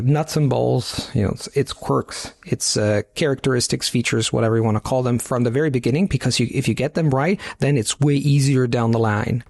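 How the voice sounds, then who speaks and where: Guy reacting to his old clip, raspy-ish fry, reflective, lots of restarts. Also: medium pitch, a little mellow. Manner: reflective, fond of idioms, frequent restarts. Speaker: language learning YouTuber.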